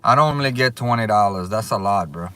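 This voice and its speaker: A man hosting a casual livestream, excitable and drawling as he thanks his viewers over and over. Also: on the low side, fast, smooth. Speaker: livestream host. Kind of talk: casual live chat. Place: outdoors.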